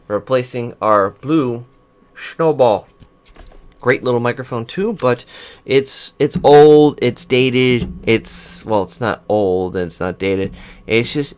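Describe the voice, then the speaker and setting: Guy rambling about his new usb mic at his computer, mid-pitched, keeps restarting his sentences. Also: animated, takes it slowly, smooth. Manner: rambling, restarts sentences, switches mic settings while talking. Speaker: gaming channel host. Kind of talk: casual microphone review. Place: home computer room with whirring fans. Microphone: USB desk microphone, switching pickup patterns.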